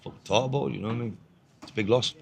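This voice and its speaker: A man's voice: medium pitch, racing, vocal fry, a little hiss or hum. Man, Northeast English accent, blunt, swearing, repetitive, casual storytelling. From Northeast England. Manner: blunt, heavy swearing, repeats himself. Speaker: guest.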